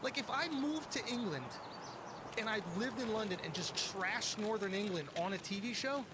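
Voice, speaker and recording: A man's voice: high-pitched, normal speed. A man in casual chat, ranting in disbelief with some swearing. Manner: incredulous, ranting, profane. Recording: clear background noise.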